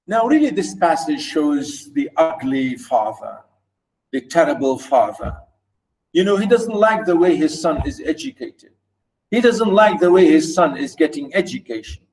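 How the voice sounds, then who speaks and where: Man, literature teacher, high voice, repetitive emphatic explaining. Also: very animated, moderate pace, darkish tone, poor audio. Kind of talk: recorded literature lecture.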